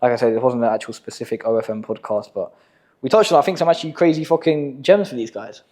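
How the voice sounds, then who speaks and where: A man's voice: mid-range voice, fast talker, a little mellow. A young English man hosting a casual podcast chat, telling stories in slangy, profane talk. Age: young adult. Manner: slangy, swearing, storytelling. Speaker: podcast host, agency owner.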